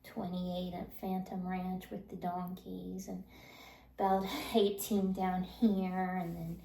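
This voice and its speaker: Woman vlogger, slow rambling chat, gravelly, drops into whispers, echoey room. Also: lowish voice, completely flat delivery. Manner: rambling, many fillers, drifts into soft whispers. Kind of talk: casual monologue. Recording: echoey recording.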